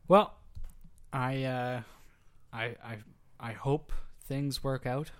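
Canadian male podcast co-host, middle pitch, laid-back and hesitant. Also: fairly even intonation, slow, smooth. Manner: easygoing, hesitant with fillers and restarts. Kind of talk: casual podcast chat.

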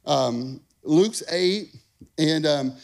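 A man in his thirties, a pastor preaching a lively, conversational sermon, calling out to the congregation. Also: a little high, drawn-out words, gravelly. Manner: energetic, conversational preaching with call-and-response.

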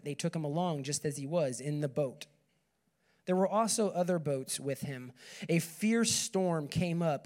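Young guy preaching casually, kinda high voice, reads verses then asks "right?". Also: darkish tone. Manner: conversational, checks in with the audience with "okay" and "right". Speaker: speaker at a campus ministry meeting. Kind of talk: sermon with scripture reading.

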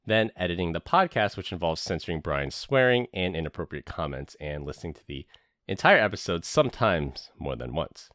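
The host's voice is low, expressive and brisk, with a fairly bright tone and studio-quality sound free of echo. On his podcast he delivers a scripted year-end recap earnestly, sliding into casual chat at times.

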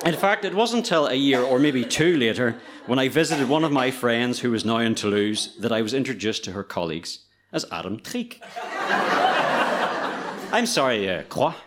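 A man telling a funny story about his own blunders. His pitch moves up and down a lot as he speaks, and laughter keeps slipping into his voice. His tone is wry and self-mocking. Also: animated, normal speed, heavy background noise. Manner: comic, self-deprecating, often laughing. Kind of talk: told personal story.

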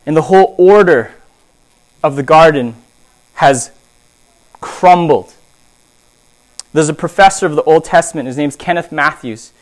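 Guy preaching a sermon, kinda high voice, gets loud then goes quiet, faint hum behind. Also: unhurried, long pauses. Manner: animated storytelling, jumps between loud and hushed.

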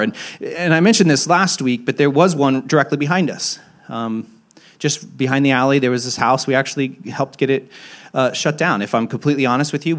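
A young adult male pastor preaches in a candid, conversational sermon style, often restarting his sentences. His mid-pitched voice lifts sharply for emphasis, then drops into quiet, low asides. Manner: candid, self-deprecating storytelling with frequent restarts.

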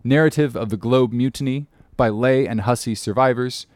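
A man narrating an audiobook in a measured, formal reading manner. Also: medium pitch, a little mellow, no echo.

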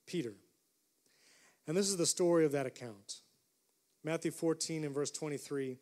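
A man preaching a sermon as a pastor, earnest and dropping to a hush on quiet passages. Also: fairly high pitch. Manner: earnest preaching, drops to a hush for quoted whispers.

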